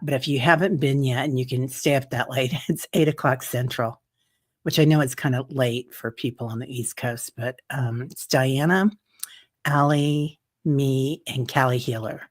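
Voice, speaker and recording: A woman hosting a meditation group, chatting gently with viewers, greeting them by name and laughing often, a little teary. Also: very deep voice, unhurried. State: teary-eyed. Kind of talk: casual livestream chat. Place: home, streaming on camera.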